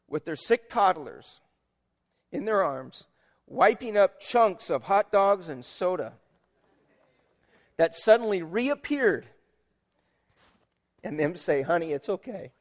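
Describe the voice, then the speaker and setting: A man's voice: high-pitched, lively intonation, takes it slowly, long pauses, muffled recording. A man preaching a sermon as pastor, emphatic and conversational, with asides to the congregation.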